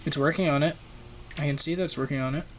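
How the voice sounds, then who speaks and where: A young man reviewing a toy at his desk in a casual, halting way, with frequent ums and uhs, filmed on the camera's own microphone. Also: on the high side, steady tone, background noise. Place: home desk filming a toy close up.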